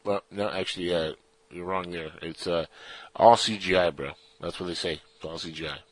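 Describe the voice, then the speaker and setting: A man with a fairly low voice co-hosts a casual radio talk show. He rambles and jokes as he reads out listener questions. The sound is dry and close, with no room echo. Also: normal speed.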